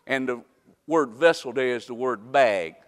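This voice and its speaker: A man preaching a sermon, swinging from loud, mocking exclamations to hushed, slow passages. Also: medium pitch, in a large hall. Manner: dramatic, swings from shouting to hushed, mocking asides.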